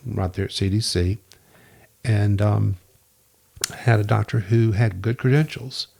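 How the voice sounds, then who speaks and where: Gravelly-voiced man telling stories. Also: lowish voice. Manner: lively storyteller who acts out quoted dialogue. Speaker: podcast guest. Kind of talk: casual storytelling interview.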